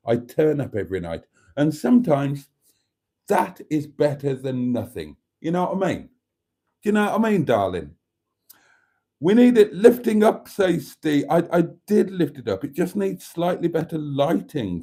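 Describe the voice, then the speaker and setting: A man's voice: mid-range voice, dark tone. A man hosting a casual live stream from a phone, reading out viewer comments in a theatrical, self-mocking way and calling his audience darlings. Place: at a table indoors. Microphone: phone camera.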